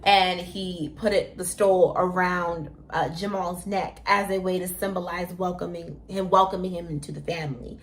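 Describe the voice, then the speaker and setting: A young woman co-hosting a casual chat, telling a story in an animated, emotional way with plenty of fillers. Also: fairly low pitch, normal speed, hardly any pauses. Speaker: co-host. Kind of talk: casual chat about their wedding.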